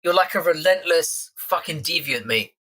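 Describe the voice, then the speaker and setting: A young London man hosts a live stream, chatting off the cuff with his viewers. He swears freely, teases the regulars in chat, and keeps things crude, bright and forward. His voice sits on the high side with lively intonation, moving at a normal, unscripted pace.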